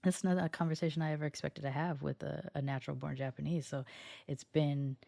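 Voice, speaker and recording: Solo podcast host, scratchy morning voice, mid pitch, chatty and meandering, dry close sound. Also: little pitch movement, fairly quick, vocal fry, mellow, no echo. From United States. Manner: chatty and meandering, often circling back mid-sentence. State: scratchy voice from just waking up. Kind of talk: casual solo podcast monologue.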